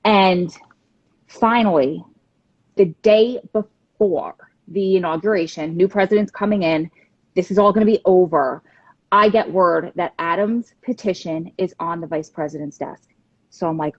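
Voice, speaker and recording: A woman's voice: lowish voice, moderate pace, dry recording, dull audio. A woman in her thirties, a support group founder, candidly telling her personal story in a livestream interview.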